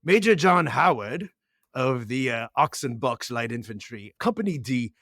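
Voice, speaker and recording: A man's voice: medium pitch, animated, unhurried, fairly bright tone, no room sound, clean studio sound. A middle-aged man co-hosting a podcast, telling a long story with many restarts and repeated words. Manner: rambling storyteller with frequent restarts. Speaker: podcast co-host. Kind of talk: casual podcast chat.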